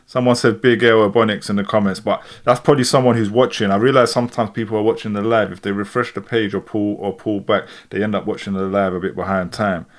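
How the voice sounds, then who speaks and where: A man with a London accent talks in a slightly low voice. He chats loosely on a live stream, rambling as he reacts. He is in his thirties. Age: 30s. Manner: relaxed, rambling, keeps saying "do you know what I'm saying". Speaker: livestream host. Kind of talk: casual live reaction chat.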